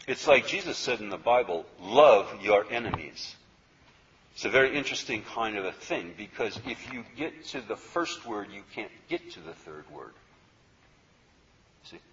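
A man's voice: fairly low pitch, bright, forceful tone, lo-fi sound, slight background noise. A man teaching a yoga philosophy class, conversational and repetitive, often checking in with "okay?". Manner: conversational, repeats words, asks "okay?" often. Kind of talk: spoken lecture to a class.

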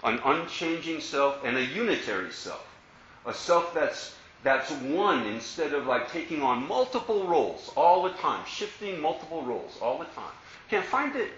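A man's voice: on the high side, very animated, normal speed, fairly bright tone, slight background noise. A man teaching as a Buddhist teacher, giving a playful dharma talk to an audience and asking many rhetorical questions. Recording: roomy, slightly dull recording.

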